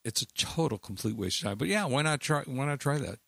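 A man's voice: medium pitch, expressive, a little fast, gravelly, fairly bright tone, no echo, studio quality. A man co-hosting a tech radio show in easygoing casual chat, rambling a little with restarts. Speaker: co-host.

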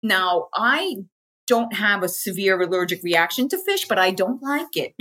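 Interview guest: American woman, frank and chatty, a slightly breathy mid-pitched voice. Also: lively intonation, unhurried, bright, forceful tone. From United States. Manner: chatty, frank, acts out quoted people. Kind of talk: casual personal storytelling.

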